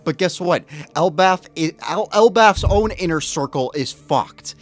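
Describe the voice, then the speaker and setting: A man chats casually in a heated, sarcastic rant, swearing freely. His pitch sits slightly high and swings widely as he talks. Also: expressive, measured pace. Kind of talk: casual chat.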